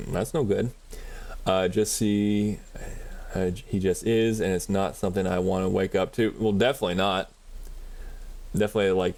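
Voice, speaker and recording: A man's voice: on the low side, darkish tone. A man streaming a game, chatting casually and rambling with frequent laughs. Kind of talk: casual chat while gaming.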